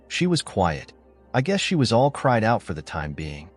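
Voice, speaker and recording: A man's voice: fairly low pitch, wildly swooping pitch, moderate pace, soft background music. A man narrating a first-person story, voicing the betrayed husband in a blunt, angry, sarcastic manner.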